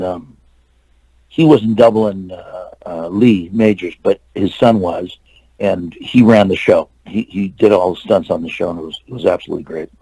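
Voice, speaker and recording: An older man tells long, winding stories in a casual interview, restarting often and acting out what others said. His voice is gravelly and dark. The recording is dry and close. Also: fairly low pitch, dry recording, low-quality recording. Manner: rambling anecdotes with restarts and acted-out quotes. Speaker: interview guest, actor and stuntman.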